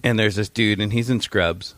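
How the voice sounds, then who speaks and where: Against a noisy background, a man with a lowish voice speaks at normal speed while co-hosting a podcast. He's animated, swears freely, and acts out the people in his story.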